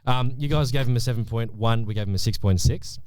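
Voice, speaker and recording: A man's voice: mid-range voice, fairly quick, darkish tone, clear, resonant tone, no room sound. A man co-hosting a football podcast, reading out player ratings in a joking, laid-back way. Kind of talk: casual chat.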